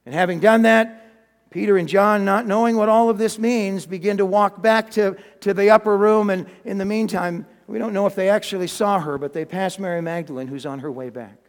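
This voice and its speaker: A man preaching a sermon, retelling a story in a lively way with folksy, humorous asides. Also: sits high, a little fast, big-room sound.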